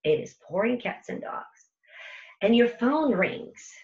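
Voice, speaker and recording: A woman's voice: on the high side, big pitch swings, slow, a little mellow. Woman telling a dramatic story, muffled sound. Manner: dramatic, vivid storytelling with repeated phrases. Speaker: internet radio station host giving a talk. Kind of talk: storytelling talk to an audience.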